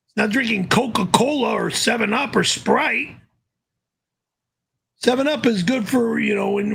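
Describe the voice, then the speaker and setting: An older man with a high, gravelly voice and a husky edge. He talks casually on a live stream, gruff and dismissive. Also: fairly bright tone. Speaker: host reading viewer messages.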